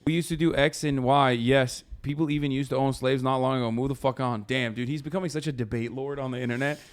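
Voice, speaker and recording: A man hosting a casual live stream, reacting to posts with animated, profane commentary. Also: mid-range voice, fast, smooth. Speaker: streamer host.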